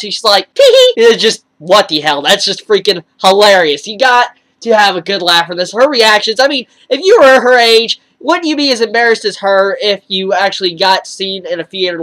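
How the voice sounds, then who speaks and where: An excitable anime reviewer talks through an episode in a loose, casual way. The delivery gushes and rambles, full of fillers and restarts, with sudden leaps up in pitch when something delights them. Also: rough recording.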